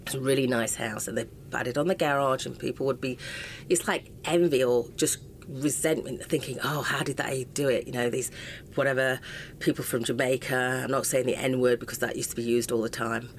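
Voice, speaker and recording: Impassioned English woman, low voice. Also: fairly even intonation, fairly quick, a little hiss or hum. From England. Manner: raw and impassioned, often breaking off mid-sentence. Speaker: interview guest. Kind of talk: emotional personal storytelling.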